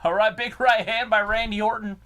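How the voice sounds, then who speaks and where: A man's voice: high-pitched, fairly even intonation, fairly quick, pushed and bright. A man co-hosting a casual live watch-along, calling the action play by play as it happens. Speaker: co-host.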